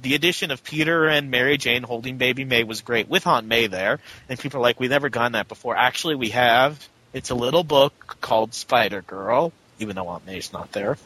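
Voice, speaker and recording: A man's voice: mid-range voice, brisk, few pauses, bright, forceful tone, poor audio. A man co-hosting a podcast, chatting casually about a comic book and jumping into little mock voices. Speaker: podcast co-host.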